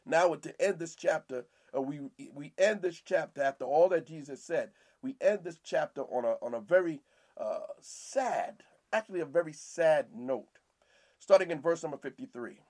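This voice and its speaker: A man's voice: a little high, animated, normal speed, a little mellow. A man teaching scripture verse by verse in a preaching style, often repeating himself and asking "Amen?". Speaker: Bible teacher and podcast host.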